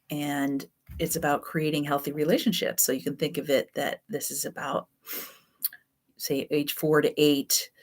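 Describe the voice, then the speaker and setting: A woman with a low-pitched voice teaches a class in a relaxed, conversational manner. Her delivery is loose, peppered with fillers and restarts, the feel of casual spoken teaching.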